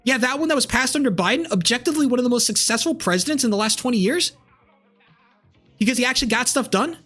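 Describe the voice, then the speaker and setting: Husky young guy streaming, angry swearing rant at chat, faint music behind. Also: extremely high pitch, fairly bright tone. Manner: angry, swearing, repetitive ranting. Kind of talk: heated rant to live chat.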